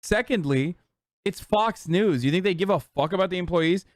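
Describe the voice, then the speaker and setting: A man's voice: sits high, moderate pace, dry recording, clean studio sound. A man in his thirties ranting and mocking in profane, casual live-stream commentary.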